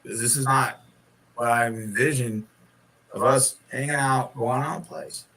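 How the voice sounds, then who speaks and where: A man's voice: mid-range voice, fairly even intonation, unhurried, pushed and bright, rough recording. A man casually telling a rambling, profane story about getting thrown out of a bar. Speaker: guest in a clip being reacted to.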